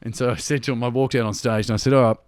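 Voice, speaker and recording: A man's voice: mid-range voice, rapid-fire, clear, resonant tone, no room sound. An Australian man, a comedian guest, telling stories in a casual chat and acting out the people he quotes. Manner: animated storyteller, acts out quotes.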